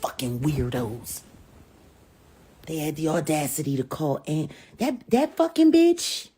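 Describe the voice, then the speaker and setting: Profane woman ranting with lively pitch. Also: a little slow, slightly rough. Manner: profane, cutting, swings between shouting and weary muttering. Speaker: live stream commentator. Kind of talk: heated live rant.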